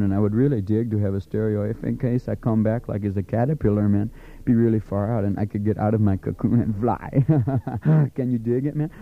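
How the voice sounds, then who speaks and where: A man voicing a stoned hippie customer who talks in slow, dreamy slang, on tinny lo-fi tape. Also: fairly low pitch, natural voice.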